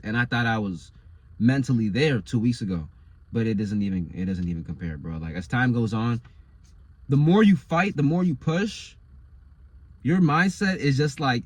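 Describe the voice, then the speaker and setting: A man's voice: mid-range voice, darkish tone, slightly rough. A man delivering a motivational monologue as a coach, insistent and slangy, repeating his phrases over and over.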